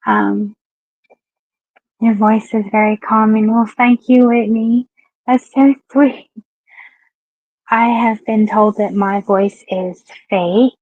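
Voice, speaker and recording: A woman's voice: a little high, steady tone, slow, pauses often, dry recording, narrow, tinny audio. Chatty Southern woman hosting a livestream. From Southeastern Kentucky. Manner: chatty, frank, greets viewers by name. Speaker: livestream talk show host. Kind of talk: casual live-stream chat.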